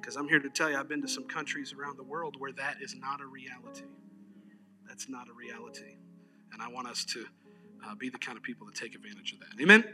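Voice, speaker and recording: Male pastor: bright, lively storyteller preaching to his church, peppers talk with amens. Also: medium pitch, fast, soft background music. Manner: conversational, animated storyteller, frequent "amen". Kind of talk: sermon. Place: church service.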